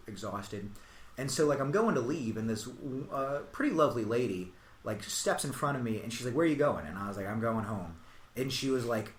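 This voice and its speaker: A man telling a long story on a casual podcast, animated and growing louder as he quotes himself. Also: fairly low pitch. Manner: animated, voice rises to near-shouts when quoting himself. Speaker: comedian guest telling a story. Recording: echoey room with faint noise.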